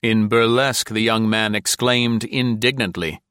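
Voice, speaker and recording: A man narrating an audiobook in a measured, formal storytelling manner. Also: fairly low pitch, flat delivery, fairly bright tone, clear, resonant tone, no echo, studio quality.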